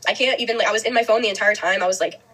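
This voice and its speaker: Quick, husky young woman telling a story. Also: mid-range voice, a bit bright, poor audio. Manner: fast, halting, heavy with "like" fillers. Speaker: podcast guest. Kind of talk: interview, telling a personal story.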